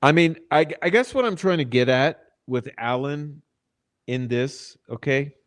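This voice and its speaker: A true-crime channel host with a mid-range voice talks at a measured pace, speaking straight to his viewers and the chat. His commentary is blunt, profane and exasperated.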